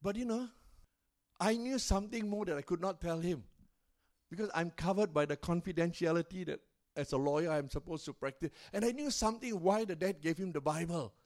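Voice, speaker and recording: A man preaching as a pastor at a church service, telling a story with rising and falling loudness and pace and calling out to the congregation for a response. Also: sits high, fairly quick. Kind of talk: sermon storytelling.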